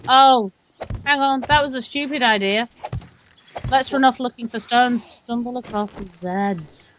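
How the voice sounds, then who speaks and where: A woman's voice: a little high, a little slow. A woman playing a co-op game with a friend, chatting in a playful, scattered way. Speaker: co-op gaming partner. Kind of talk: casual gaming chat. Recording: background noise.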